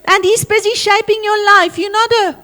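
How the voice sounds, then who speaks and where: A high-voiced woman with a South African accent addresses a school assembly, commanding and playful. She calls pupils forward and drills them with energy. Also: fairly even intonation, normal speed, bright, forceful tone. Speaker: teacher leading a school assembly.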